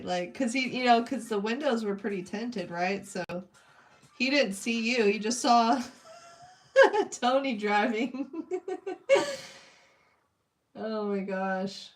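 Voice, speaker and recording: A woman's voice: a little high, extremely slow, long pauses, faint music behind. A young woman chatting casually with her live-stream chat while she draws, greeting viewers and reading their comments. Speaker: streamer drawing requests.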